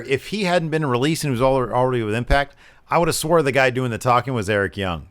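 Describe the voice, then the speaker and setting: A man hosting a podcast in casual chat, retelling events with lively acted-out quotes. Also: medium pitch, fast. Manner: animated retelling, acts out quotes. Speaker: podcast host.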